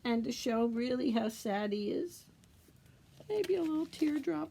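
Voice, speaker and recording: A middle-aged woman children's librarian speaks in an unhurried, mellow voice. She guides kids through a drawing craft in a gentle, sing-song teacherly manner. A faint hiss sits beneath the recording. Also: sits high, expressive, creaky. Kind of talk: storytime craft demonstration for kids.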